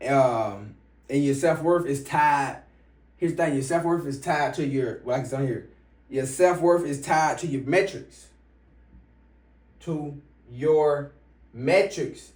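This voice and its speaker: A man giving a motivational money-mindset talk as an online business coach, swearing freely and punching key points louder. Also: fairly high pitch, a little slow, long pauses. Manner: profane, emphatic, bursts louder on key points. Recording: roomy, from some distance.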